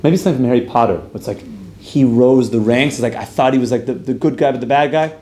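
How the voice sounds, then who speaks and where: A man's voice: medium pitch, quick pace, darkish tone. Casual man teaching a class in an echoey room. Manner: chatty, asks the group questions, loose with "like". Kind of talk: casual Torah class with storytelling. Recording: roomy echo, faint room noise.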